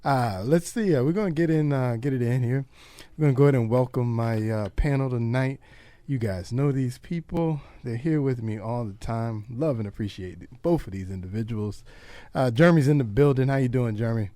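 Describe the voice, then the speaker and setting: A man's voice: mid-range voice, normal speed, hardly any pauses, warm tone, no echo. A man hosting a radio talk show in a casual, chatty way, laughing often.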